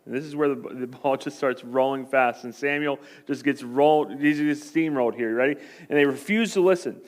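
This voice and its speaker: A man preaching a sermon as a pastor, telling the story with animated swings between loud emphasis and hushed asides. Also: medium pitch, a little fast.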